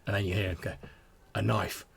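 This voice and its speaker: A man's voice: fairly low pitch, flat delivery, fairly quick, vocal fry, husky. A man narrating a tabletop game as game master, describing scenes with frequent restarts.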